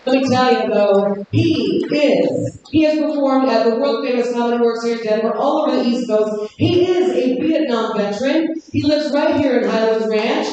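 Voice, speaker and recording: A woman's voice: a little high, normal speed, hardly any pauses, mellow. A woman hosting a live comedy show, upbeat and chanting to rouse the crowd. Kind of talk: live emcee patter. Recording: echoey hall from far off, noisy crowd.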